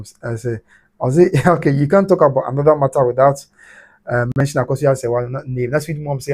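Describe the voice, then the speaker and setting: A man's voice: mid-range voice, a little mellow. A man with a Ghanaian accent hosting a casual live stream, reading viewers' comments aloud and switching between Twi and English with frequent laughs.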